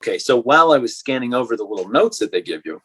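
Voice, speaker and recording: A man chatting casually about an old film on a podcast, his voice a bit husky. He rambles and circles back with plenty of fillers, laughing now and then. His pitch sits in an ordinary middle range. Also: expressive, quick pace, bright, forceful tone. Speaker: podcast host.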